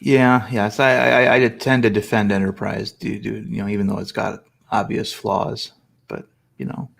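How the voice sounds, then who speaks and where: A man joins a casual online chat and speaks hesitantly, restarting his sentences. His voice is fairly low with a gravelly fry. He sounds like a guest on a video call. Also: flat delivery, normal speed. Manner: hesitant, stammering.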